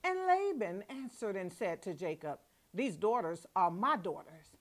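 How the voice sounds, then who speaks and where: A woman evangelist giving devotional Bible teaching. She reads scripture slowly and emphatically, then explains it in casual, chatty asides. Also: mid-range voice, sing-song. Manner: laughs at herself, repeats words.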